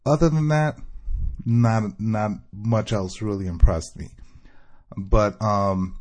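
A man's voice: fairly low pitch, takes it slowly, a little mellow. A man from Michigan calling into a podcast, telling a sarcastic story. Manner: chatty, sarcastic. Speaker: caller leaving a voicemail.

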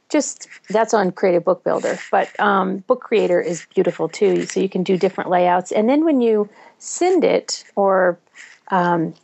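A woman's voice: medium pitch, gravelly, darkish tone. A woman chatting casually and enthusiastically recommending apps, with frequent fillers. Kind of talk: casual chat.

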